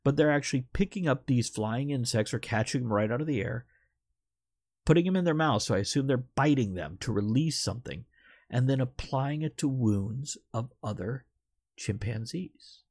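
A man's voice: medium pitch, lively intonation, normal speed, darkish tone, no echo, clean studio sound. A man hosting a podcast in casual, rambling chat who swears now and then. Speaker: podcast host.

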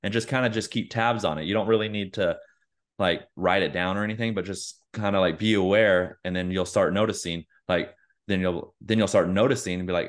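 Deep-voiced man rambling casually. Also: steady tone, brisk. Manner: loose, rambling, lots of fillers. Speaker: podcast co-host. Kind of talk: casual chat.

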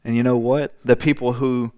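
A man's voice: medium pitch, flat delivery, moderate pace, warm tone, clear, resonant tone. A man preaching a sermon, driving points home with emphatic repetition and acting out other voices. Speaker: pastor.

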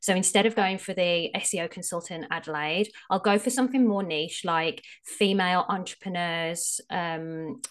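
A woman with an Australian accent talks through her field as a podcast guest, in a casual, frank way. Her voice sits a little low. She explains with plenty of filler words. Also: steady tone, normal speed, few pauses. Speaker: SEO strategist guest.

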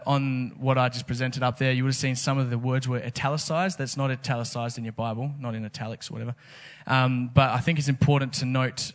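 A man preaching a casual, conversational sermon, full of rhetorical questions. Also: mid-range voice. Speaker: pastor.

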